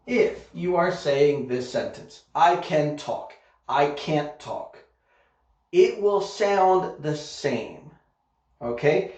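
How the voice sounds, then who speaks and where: A man with a slightly high, slightly mellow voice teaches an online English grammar lesson, modeling example sentences carefully and checking in with "okay?" as he goes. The recording sounds echoey, with a dull lo-fi quality.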